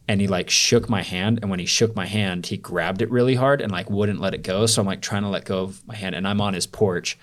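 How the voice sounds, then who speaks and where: A man's voice: low-pitched, fairly even intonation, brisk, hardly any pauses. A man as a podcast guest, telling a candid story in a rambling way full of fillers. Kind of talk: storytelling in a casual interview.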